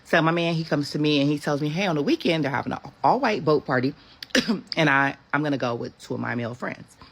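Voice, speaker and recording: A woman's voice: low-pitched, fast, creaky, breathy edge. A woman in her thirties telling a personal story in a sassy, casual storytime style, acting out the quotes as she goes. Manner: sassy, animated retelling with voiced quotes.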